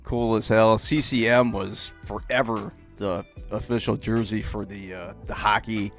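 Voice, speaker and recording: A man's voice: on the low side, fairly even intonation, a little slow, faint music behind. A man co-hosting a sports podcast, chatting in an easygoing, profane way and giggling often. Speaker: podcast co-host. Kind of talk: casual sports podcast banter.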